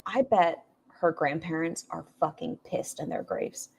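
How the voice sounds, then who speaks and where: A woman talks over clips in a lowish voice, blunt and mocking. Her commentary is casual and full of swearing and sarcastic asides. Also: steady tone, unhurried, vocal fry, darkish tone, a little hiss or hum. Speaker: commentary streamer reacting to clips.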